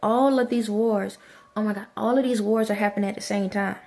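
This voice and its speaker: A woman's voice: medium pitch, steady tone, fairly quick, a little mellow. A woman vlogger giving an impassioned spiritual monologue, repeatedly soothing and urging an unseen listener.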